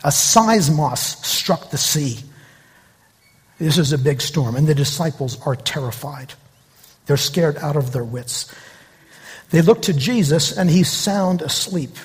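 A man preaching a sermon as pastor, telling stories with lively acted-out voices. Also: fairly high pitch, slow, slightly rough, long reverb tail. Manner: animated storytelling, acting out quoted voices.

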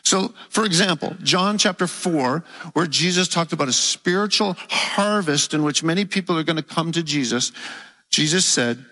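A man with a raised, bright and forceful voice delivers a teaching sermon in a church. He explains point by point and draws out key words for emphasis. His voice carries a long reverb from the hall. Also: fairly high pitch, moderate pace. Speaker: preacher.

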